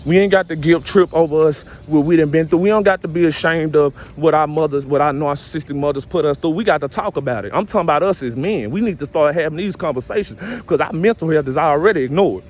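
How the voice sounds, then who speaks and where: A man's voice: fairly high pitch, fast, few pauses. A man vlogging a casual rant to his viewers, repetitive and full of street slang.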